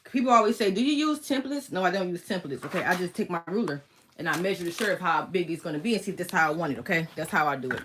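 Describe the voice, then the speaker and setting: There's a bit of hiss or hum as this fairly low, fairly bright-toned woman teaches crafting over a casual screen share from her home workspace. Talking fast, she goes step by step and keeps checking in with an "okay?"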